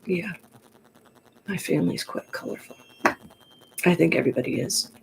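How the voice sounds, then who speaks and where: A woman with a gruff, gravelly voice talks to her camera in a loose, rambling way. She grew up in the New York Pocono area and speaks frankly, drifting from one thought to the next, with faint noise in the background. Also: on the low side, moderate pace, rough recording. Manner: chatty, digressive, frank. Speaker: vlogger. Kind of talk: casual rambling monologue to camera.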